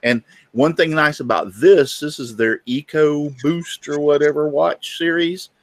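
Middle-aged host, folksy anecdote teller, dry close mic. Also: male voice, a little high, fairly even intonation, measured pace, no room sound. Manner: folksy storyteller, acts out voices in anecdotes. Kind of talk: casual chat.

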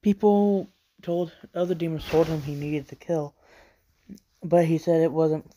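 A man's voice: a little high, measured pace, warm tone. A man casually narrating character lore for his own video, rambling and hesitant with many fillers. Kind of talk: casual lore talk over a speedpaint.

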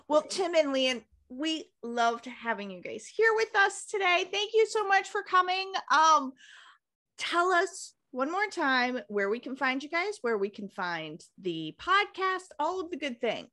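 A woman hosting a podcast, bubbly and quick to laugh. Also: high voice, big pitch swings, sharp tone. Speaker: podcast host.

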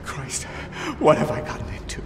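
A man's voice: normal speed, a little mellow, long reverb tail, slight background noise, close to an everyday voice. An actor playing a wary male game protagonist muttering to himself in a horror game. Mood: uneasy.

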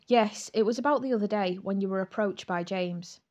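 A woman's voice: mid-range voice, a little fast, a little mellow, muffled recording, lightly acted. A woman voicing a controlling male boss who speaks curtly and formally, in a storybook reading. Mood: stern.

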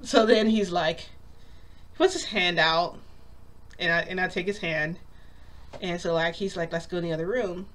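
A woman's voice: lowish voice, a little slow, pauses often, a bit bright. A woman vlogger telling a long story in a casual, rambling way, full of "like" and acted-out quotes. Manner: rambling, lots of "like", acts out quotes.

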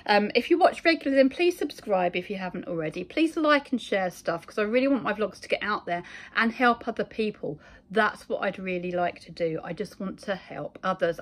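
A middle-aged woman from England talking casually to her phone in a rambling monologue, full of fillers and asides. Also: medium pitch. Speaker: vlogger.

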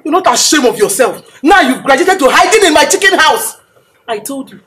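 An actress with a Nigerian accent playing a fiery middle-aged wife who scolds loudly and drops Igbo words into her talk. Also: high voice, lively intonation, fairly quick, slight background noise. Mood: scolding.

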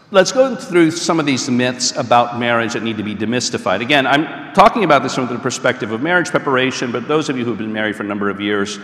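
A man's voice: mid-range voice, fairly bright tone. An American man giving an informal talk to a live audience, chatty, with many fillers and frequent "okay?" checks. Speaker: speaker leading a talk on marriage. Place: large hall or church. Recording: echoey hall with long reverb.

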